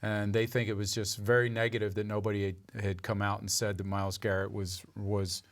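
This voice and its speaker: A man's voice: lowish voice, flat delivery, a little fast. A middle-aged man co-hosting a casual talk show, scoring jokes in a dry, mock-serious way. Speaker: co-host, sports commentator. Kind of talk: casual radio banter.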